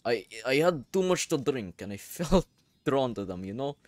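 A man's voice: mid-range voice, sing-song, normal speed, darkish tone, dry recording, lightly acted. A man reading out a tipsy male merchant in a put-on Russian accent. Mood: rambling.

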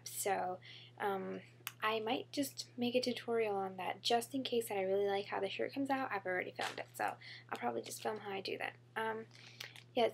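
A woman's voice: medium pitch, vocal fry, background noise. A young woman chatting casually to camera in a haul vlog, bubbly and chatty, full of fillers and gushing about how cute things are. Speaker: beauty vlogger.

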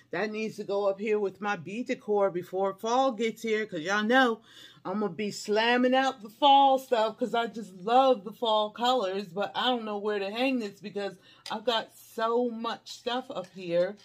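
A middle-aged woman chatting to her viewers as she unboxes a haul, gushing and effusive, breaking into delighted squeals. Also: mid-range voice. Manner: chatty, calls viewers y'all and honey. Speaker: haul vlogger. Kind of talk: casual unboxing chat to viewers.

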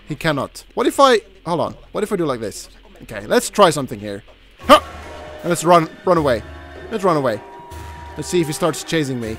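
A man commentating his horror gameplay casually, jumpy and swearing, shouting at the game character. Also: a little high, big pitch swings, normal speed, soft background music. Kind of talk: casual let's play commentary.

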